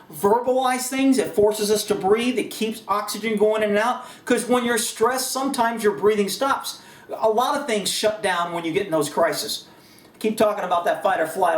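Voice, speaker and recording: An American-accented man gives a casual, rambling firearms lesson inside a shooting range building, adding folksy asides and laughs. His voice sits high, and the echoey room is captured by a distant mic.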